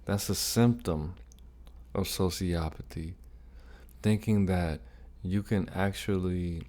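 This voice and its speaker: A man's voice: low voice, fairly even intonation, slow pace, warm tone. A man hosting a reaction video, giving emphatic commentary and repeating his points insistently.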